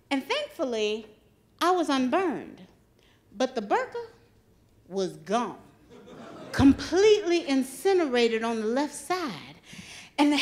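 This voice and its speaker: A woman telling a funny true story on stage at a live storytelling night, laughing through her lines and swearing freely. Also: high-pitched. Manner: animated, laughs through lines, salty language. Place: stage at a live venue with an audience.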